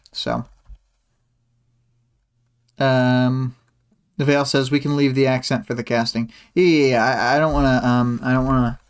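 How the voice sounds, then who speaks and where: A host talking through a chapter on a weekly livestream, rambling and hesitant. The voice is smooth and clear, at an average pitch. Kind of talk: casual chapter discussion.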